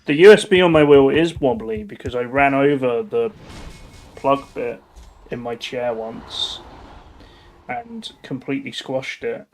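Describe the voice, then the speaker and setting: Chatty man streaming a truck game. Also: medium pitch. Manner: chatty, answers chat messages aloud. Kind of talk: casual gameplay chat.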